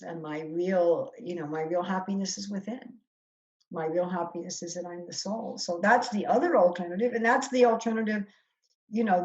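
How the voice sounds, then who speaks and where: A woman's voice: on the low side, a little mellow, muffled recording. A woman leading a scripture discussion as a spiritual teacher, speaking thoughtfully and often restarting her phrases. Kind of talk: teaching over a video call. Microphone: video call.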